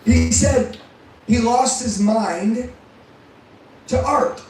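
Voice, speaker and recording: A man's voice: very high voice, drawn-out words, darkish tone, slight background noise. A man giving an intense, profane motivational speech to a live audience, firing rhetorical questions at the crowd. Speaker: motivational speaker and sales trainer. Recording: very echoey room, mic far off.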